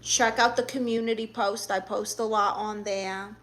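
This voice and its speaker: Sassy bright-voiced woman streamer. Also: mid-range voice, fairly even intonation, normal speed. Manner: sassy, calls people honey. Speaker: livestream host. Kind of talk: casual livestream chat reading comments.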